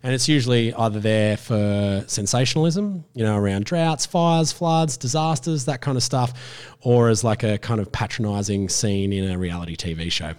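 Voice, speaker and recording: A man's voice: on the low side, moderate pace, few pauses, darkish tone, smooth. A man with an Australian accent, a television presenter chatting as a guest, rambling with restarts and acting out voices. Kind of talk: casual interview chat.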